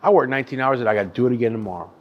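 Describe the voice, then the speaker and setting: A barbecue pitmaster and chef tells his story in a casual interview, talking rapid-fire in a mid-range voice with the highs cut off. He's emphatic and profane, calling the listener dude and bro.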